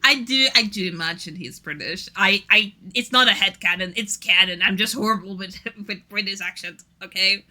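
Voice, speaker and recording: A woman's voice: mid-range voice, normal speed, few pauses, sharp tone. A Norwegian-speaking woman streaming casually, rambling and giggling often while chatting to viewers. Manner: giggly, rambling, self-deprecating.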